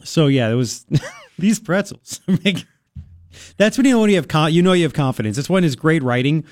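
Male talk radio host, animated delivery, dry close sound. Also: fairly high pitch, quick pace, no room sound. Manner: animated, laughing, mocking voices. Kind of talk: casual talk radio banter.

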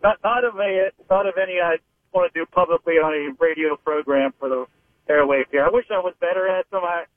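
Over a narrow phone line, a Pittsburgh sports reporter calls into a radio show, his voice on the high side and brisk, with no echo. His phone-in analysis rambles, hesitating and restarting sentences often.

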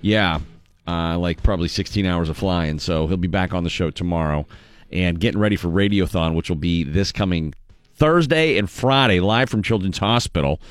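Lower-voiced radio host, smooth and dry. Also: male voice, moderate pace, dry recording. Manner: upbeat, promotional patter with fillers. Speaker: radio morning show host. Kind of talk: casual radio chat. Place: radio studio. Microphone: studio microphone. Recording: dry close studio mic.

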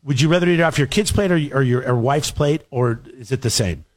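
A man's voice: medium pitch, fairly quick. Teasing man full of probing questions. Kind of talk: casual banter.

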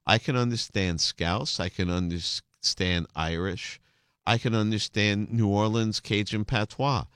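A middle-aged man hosting a podcast interview, telling stories in a lively way and dropping into accents. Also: on the low side, measured pace, clear, resonant tone, no room sound, studio quality. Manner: animated storyteller, slips into accents. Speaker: podcast host. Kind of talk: casual interview chat.

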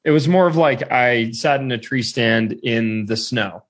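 A man's voice: mid-range voice, unhurried. A man casually telling a story in a podcast chat, rambling and leaning heavily on "like". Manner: rambling, heavy use of "like".

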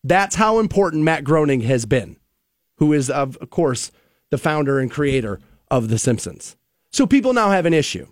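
Heated, high-voiced male podcast host. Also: big pitch swings, moderate pace, no echo, clean studio sound. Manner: heated, emphatic, profane. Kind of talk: opinionated podcast rant.

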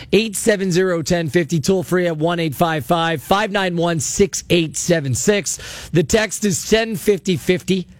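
A man's voice: high voice, no echo. A man from Canada hosting a call-in sports radio show, ranting with emphatic sarcasm while he is losing his voice. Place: radio studio.

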